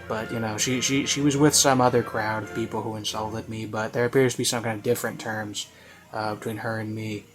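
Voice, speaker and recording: A man's voice: on the low side, level tone, brisk, faint music behind. A man giving casual, rambling commentary on a video he is reviewing, full of "you know" and "like" and offhand self-mockery.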